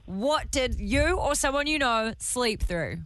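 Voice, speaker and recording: A woman with a New Zealand accent co-hosting breakfast radio, bubbly and quick to exclaim as she talks with callers. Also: fairly high pitch, lively intonation, a bit bright, dry recording. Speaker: radio host. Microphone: studio mic.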